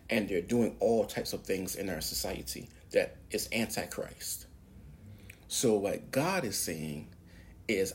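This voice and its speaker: A man's voice: on the low side, lively intonation, takes it slowly. A man hosting a preaching podcast, speaking in an emphatic, preacherly way and pushing his voice up on key words. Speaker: podcast host.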